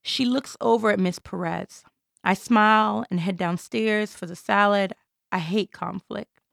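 A woman from Jamaica delivers an intense, theatrical spoken-word monologue. Her voice has a gravelly, creaky texture. The recording is dry and close, with no room sound. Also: medium pitch, fairly even intonation, unhurried, a bit bright, no room sound. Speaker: performer.

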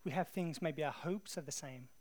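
An English man preaching to his congregation, with a voice that sits a little above the usual male range. He talks easily and conversationally and tells his stories with lively animation. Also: fairly high pitch, moderate pace. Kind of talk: sermon.

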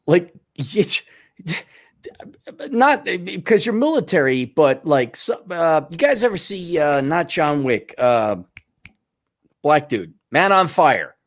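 Talking about films in a laid-back podcast chat, this man speaks slowly in a sing-song voice on the high side, with plenty of fillers and false starts.

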